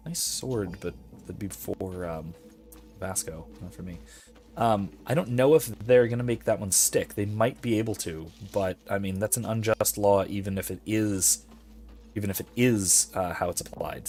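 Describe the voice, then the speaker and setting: A man's voice: on the low side, moderate pace, a little mellow, soft background music. A man hosting a let's play, chatting casually and rambling into academic digressions while reading chat messages aloud. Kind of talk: casual gameplay commentary.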